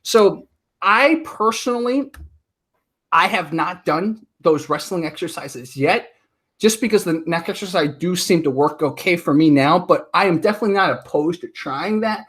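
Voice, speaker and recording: Podcast guest, man in his 30s, airy high voice, chatty, animated storyteller. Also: normal speed, slightly rough. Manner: talkative, animated storytelling with filler words. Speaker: podcast guest, martial artist. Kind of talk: casual chat.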